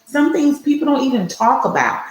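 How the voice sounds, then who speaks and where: A woman's voice: high voice, sing-song, fairly quick. A woman co-hosting a casual talk show over a video call from her home office, with an encouraging, affirming manner. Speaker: co-host. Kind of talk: casual chat. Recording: roomy echo.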